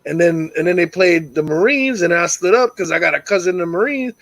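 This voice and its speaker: This is a middle-aged man with a slightly high voice hosting a live call-in show. He tells long personal stories in a loose, casual chat style, swearing freely and getting animated. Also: fairly quick, dry recording, rough recording. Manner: profane, animated storyteller. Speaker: host of a call-in talk show.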